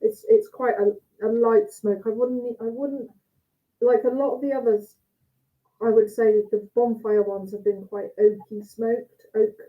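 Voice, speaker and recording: A woman's voice: fairly high pitch, fairly even intonation, a little slow. A woman judging cheese over a video call, chatty and thinking aloud as she tastes and cuts. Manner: chatty, thinks aloud while tasting and cutting. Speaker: cheese judge. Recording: tinny phone-like call audio.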